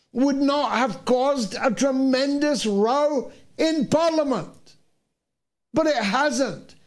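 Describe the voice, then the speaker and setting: An older man from the United Kingdom hosting a talk show. He delivers an indignant monologue full of rhetorical questions. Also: very high voice. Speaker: host.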